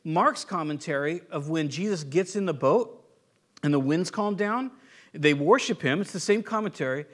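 A man from the United States preaches in a loose, conversational way, circling back and restarting his sentences as he tells stories. His voice sits a little higher than most men's. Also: animated, normal speed, fairly bright tone. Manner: conversational storytelling with frequent restarts. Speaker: pastor. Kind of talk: sermon.

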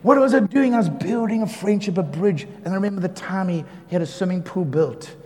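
Male pastor, high voice, animated storyteller; preached in a reverberant hall with faint ambient noise. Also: brisk. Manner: animated storyteller, acts out quotes, laughs often. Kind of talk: sermon storytelling.

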